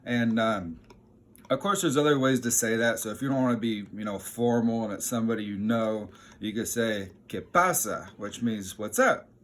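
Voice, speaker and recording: A man with a somewhat low voice teaches a casual lesson in a chatty, relaxed way. He pokes fun at himself as he goes, and his voice lifts brightly whenever he quotes a phrase. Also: moderate pace. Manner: chatty, self-deprecating, relaxed; lively when quoting Spanish phrases.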